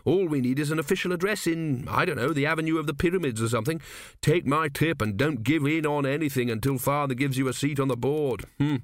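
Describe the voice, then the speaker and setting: A man's voice: on the high side, fast talker, no room sound, studio quality, voice pushed up, close to an everyday voice. A man voicing a chatty young merchant's son who rambles on eagerly about business, in an audiobook. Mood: eager chatter. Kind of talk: audiobook character voice.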